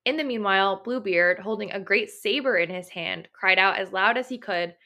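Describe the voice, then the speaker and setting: Bright-voiced woman reading aloud. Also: mid-range voice, normal speed. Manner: expressive, laughs often. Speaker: podcast co-host and reader. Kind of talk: reading aloud and casual book chat.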